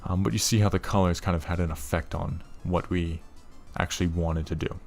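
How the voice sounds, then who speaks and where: A young man talks through a programming tutorial at his desk, his voice low and gravelly with a rough fry. He rambles, curses freely and tosses in exasperated asides. Faint music plays quietly behind him. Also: fairly even intonation, brisk. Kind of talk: casual screen-recorded coding tutorial.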